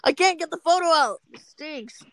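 High-voiced teen girl, rambling chat. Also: animated, normal speed, slight background noise, poor audio. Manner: rambling, filler-heavy, teasing. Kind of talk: casual chat among friends.

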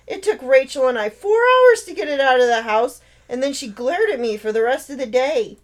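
A woman's voice: high voice, animated, moderate pace. A woman voicing a weary, no-nonsense mother grumbling about the cat. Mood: exasperated. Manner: threatening, weary complaints.

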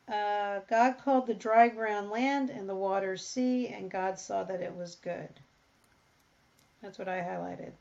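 A woman talking through a Bible passage in casual conversation, reading verses aloud and thinking out loud. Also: fairly high pitch, muffled recording. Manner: thinks aloud, reads scripture, animated when surprised. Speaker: Bible study co-host. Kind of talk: casual Bible study discussion.

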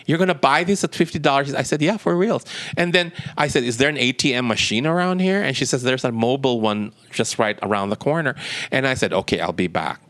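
A man's voice: a little high, no echo. A man being interviewed, telling a personal story and acting out the dialogue as he goes. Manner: lively retelling with quoted dialogue. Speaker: interview guest. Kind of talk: anecdotal storytelling.

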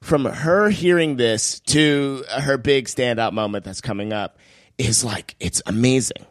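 A man co-hosting a podcast who chats casually about a film and chimes in with quick agreement. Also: mid-range voice, no echo, clean studio sound. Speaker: podcast co-host.

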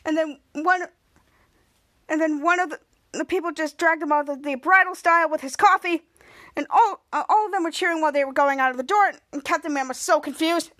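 A woman with a strikingly high voice retells a TV episode scene by scene for her podcast. She stumbles, restarts and backtracks as she goes. The sound is dry and close, with no room echo. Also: a bit bright. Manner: halting retelling with frequent restarts. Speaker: podcast host. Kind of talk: casual TV episode recap.

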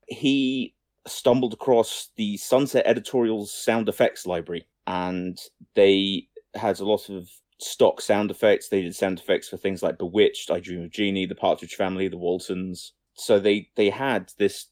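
A man's voice: sits low, a little mellow, dry recording, clean studio sound. A young man co-hosting a casual film-news podcast, rambling, swearing lightly and often abandoning sentences halfway. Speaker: podcast co-host.

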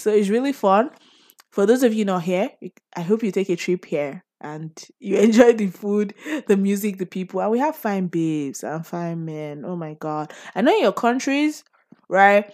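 A woman's voice: mid-range voice, a little slow, a little mellow. A young woman with a Nigerian accent, chatting casually and solo as a podcast host, often laughing and slipping into pidgin phrases.

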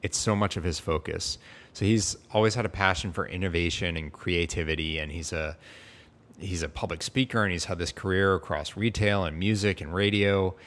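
A man's voice: deep voice, steady tone, normal speed, fairly bright tone. A man hosting a podcast, chatting casually with an enthusiastic and playful manner. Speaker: podcast host. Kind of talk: casual interview chat.

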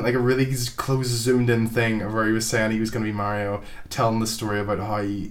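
A young man co-hosting a casual podcast chat, rambling and sweary with frequent filler words. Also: fairly low pitch. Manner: rambling, sweary, laughs often.

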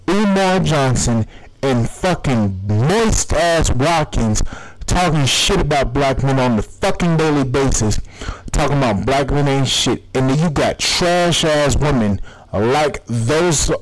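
A man's voice: medium pitch, animated, takes it slowly, faint music behind, rough recording. A man from the United States, hosting a podcast and delivering a heated, profanity-laced solo rant. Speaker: podcast host.

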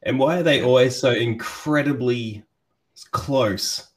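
A man's voice: mid-range voice, slow. An Australian man with an Australian accent in a casual political chat, curious and questioning, swearing freely.

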